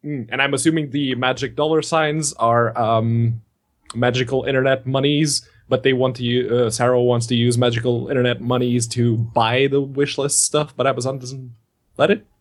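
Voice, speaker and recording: A man's voice: mid-range voice, steady tone, normal speed. A young man co-hosting a podcast, chatting in an easygoing way and laughing often. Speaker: podcast co-host. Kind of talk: casual podcast chat.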